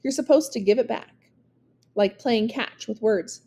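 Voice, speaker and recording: A woman reading a verse novel aloud to listeners. Her voice is warm and mellow, and her delivery is measured and expressive. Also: on the high side. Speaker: reader.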